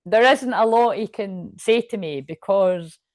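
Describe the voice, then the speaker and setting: A woman's voice: mid-range voice, unhurried, a little mellow, dry recording. A woman with a Scottish accent giving a rambling, chatty tarot reading, swearing freely and laughing often. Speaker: tarot reader. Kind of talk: casual tarot reading to camera.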